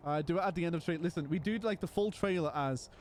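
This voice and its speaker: Gamer streamer, fairly high voice, lively and rambling, faint room hum. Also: male voice, very fast. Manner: rambling, restarts, animated. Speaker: game streamer. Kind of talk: casual live-stream chat while playing.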